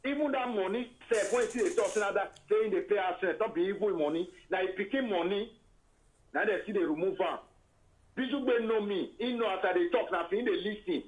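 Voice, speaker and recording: A man's voice: high voice, a little fast, low-quality recording. A man with a Nigerian accent on a live video call, speaking in pidgin. He rants heatedly, makes accusations and repeats himself.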